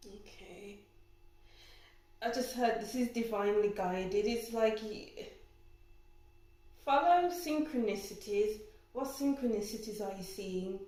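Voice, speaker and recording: A woman's voice: mid-range voice, slow, long pauses, mellow. A young woman giving a pick-a-card tarot reading, often exclaiming and getting emotional. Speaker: tarot reader. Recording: very echoey room.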